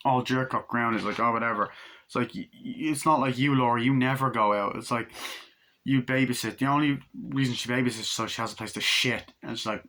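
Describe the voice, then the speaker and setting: Young man, twenties, bright voice, laid-back rambling movie reviewer who acts out the dialogue and swears freely. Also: mid-range voice, a little fast. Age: 20s. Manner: rambling, retells scenes mimicking the dialogue, swears casually. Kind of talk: casual film review.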